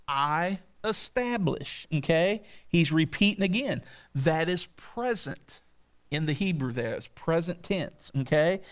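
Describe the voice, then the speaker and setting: A middle-aged man preaching a sermon, telling folksy stories and checking in with listeners with frequent asides. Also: high-pitched. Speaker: pastor.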